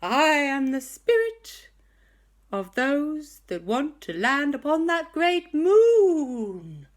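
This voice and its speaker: A woman voicing a dramatic male moon ghost spirit with a drawn-out ghostly wail in a children's story. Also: high voice, big pitch swings, voice pushed up, full character voice.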